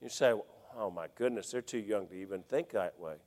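A middle-aged man preaching a folksy sermon, swinging between loud exhortation and hushed storytelling. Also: lowish voice, fairly quick. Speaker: pastor. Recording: long hall reverb.

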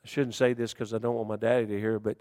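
A man preaching a sermon in folksy dialect, swinging between shouted warnings and hushed, quiet storytelling. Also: on the low side, flat delivery, fast, no echo, clean studio sound.

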